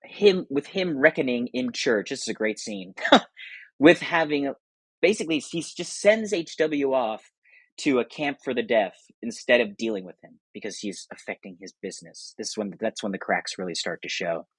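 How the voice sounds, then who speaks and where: A young man hosting, giving casual and enthusiastic commentary on films, talking quickly and laughing often. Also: mid-range voice, animated, a bit bright, breathy edge, dry recording, low-quality recording. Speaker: podcast host.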